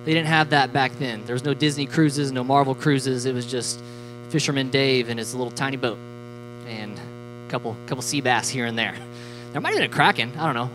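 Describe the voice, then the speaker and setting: A youth pastor preaching a casual, joking sermon, animated and full of fillers like "like" and "you know". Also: medium pitch, low-quality recording.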